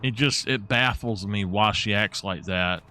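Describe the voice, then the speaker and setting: A man's voice: on the low side, measured pace, sharp tone, a little hiss or hum. A man, chatting while live-streaming a game and venting in an exasperated way.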